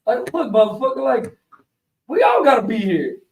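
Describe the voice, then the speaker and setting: A high-pitched man tells stories in an animated, profane rush. He sits back from the mic, and the room echoes around him. It sounds like a live webshow recap. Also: moderate pace, distant mic. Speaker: show co-host.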